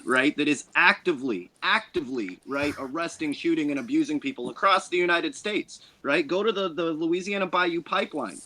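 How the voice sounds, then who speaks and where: A man on a panel, talking in halting bursts, repeating words and checking in with the listener. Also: fairly high pitch, pushed and bright, low-quality recording. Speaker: panel member. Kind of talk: panel discussion.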